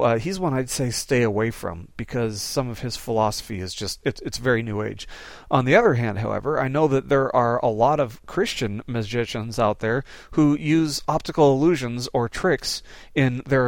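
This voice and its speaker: Recorded dry with clean studio sound, a medium-pitched man teaches an informal Bible lesson by answering questions from listeners. His delivery is casual and loose, packed with fillers like "you know."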